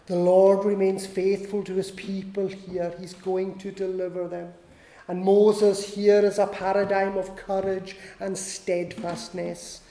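Slow steady preacher, flat mellow delivery, repeats lines, big echoey hall with long reverb. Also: medium pitch. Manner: repeats key lines for emphasis. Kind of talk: sermon.

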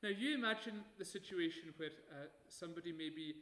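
A man preaching a sermon, measured and emphatic, slowing down to stress key phrases. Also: fairly high pitch, sharp tone, reverberant.

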